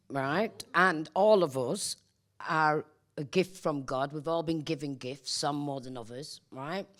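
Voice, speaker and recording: A woman speaking as a guest at a live panel discussion, reflective and spiritual, often adding "right?". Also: sits low.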